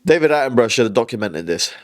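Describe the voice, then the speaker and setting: A man's voice: medium pitch, expressive, racing. A man hosting a comedic news roundup, chatty and wry, laughing at his own jokes.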